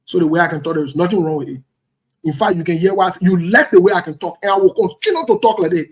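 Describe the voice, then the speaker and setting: A man's voice: high-pitched, quick pace, slightly rough. A man giving heated, blunt political commentary, repeating his points emphatically.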